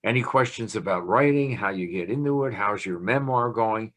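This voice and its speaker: Older guy with a lowish voice joking around about commas on a zoom call. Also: normal speed, fairly bright tone. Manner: playful, chatty lecturer with a teasing tone. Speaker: guest speaker on language. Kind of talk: casual talk on a video call. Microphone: video call.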